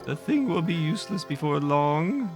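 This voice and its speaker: A haughty, sneering villainous chancellor with a put-on Irish lilt, voiced by a male streamer. He sits higher than a natural speaking voice and keeps a gravelly rasp. Faint game music hums behind. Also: very animated, moderate pace. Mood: scornful. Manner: haughty, scornful.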